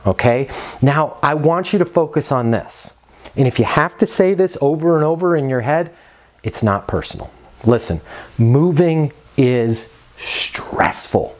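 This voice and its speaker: A man's voice: medium pitch, a little mellow. A man giving an instructional talk to camera as a property management trainer, earnest and coaching, repeating his key phrases.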